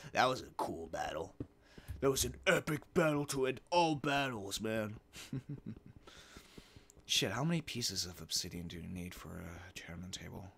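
A man's voice: fairly low pitch, fairly bright tone. A man giving casual, profane, joking commentary while playing a game, talking to himself and mumbling asides. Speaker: let's play gamer.

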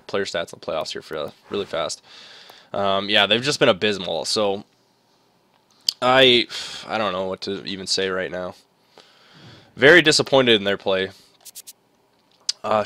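Young male gaming commentator, low-ish voice, up-and-down emotional play-by-play. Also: no room sound. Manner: swings between groaning frustration and excited cheering. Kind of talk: casual let's-play commentary.

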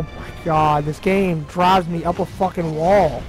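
A man with a high voice plays through a game and comments on it. He is frustrated and swears constantly, snapping at what happens on screen. Game music plays clearly behind him. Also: fairly even intonation, takes it slowly, low-quality recording. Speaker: let's play gamer. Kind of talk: gaming commentary.

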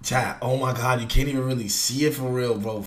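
A young man streaming a live reaction, talking in slang and swinging from low mutters to loud excited shouts. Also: brisk. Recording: roomy echo with faint noise.

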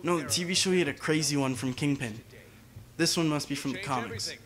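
A man with a slightly high voice chatting loosely over his gameplay. He wanders off onto tangents and talks to his viewers as he goes. His delivery is relaxed and conversational. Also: fairly quick. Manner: rambling, chatty, side tangents. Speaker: gaming channel host. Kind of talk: casual gameplay commentary.

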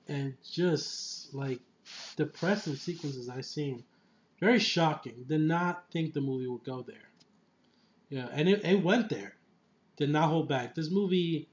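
A man's voice: fairly high pitch, a little mellow, muffled recording. A man giving a casual, enthusiastic film review, rambling with lots of fillers and often laughing. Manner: laughs often mid-sentence. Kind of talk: casual spoiler movie review.

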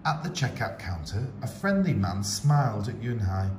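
A male teacher reading a picture book aloud with slow, expressive storytelling. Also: on the low side, noisy background. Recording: echoey room with faint ambience.

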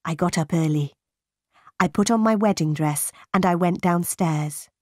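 A woman narrating a graded reader for English learners in a clear, careful, deliberate way. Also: lowish voice, a little mellow, no room sound, clean studio sound. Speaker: audiobook narrator.

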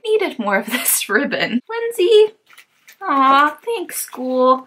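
A fairly high-voiced woman chats through a casual vlog from a room at home. She gushes over each item and breaks into excited squeals, with a faint hiss of noise in the background. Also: slow. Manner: gushing, excitable, bursts into squeals. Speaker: YouTube host. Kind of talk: casual haul vlog, opening mail.

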